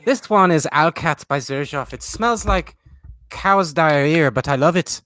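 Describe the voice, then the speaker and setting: A man's voice: fairly high pitch, animated, measured pace, fairly bright tone, no room sound, clean studio sound, pitched above the performer's own voice. A man putting on a cheerful male potato reviewer with an Irish accent, joking boisterously. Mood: jokey. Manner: jokey, boisterous.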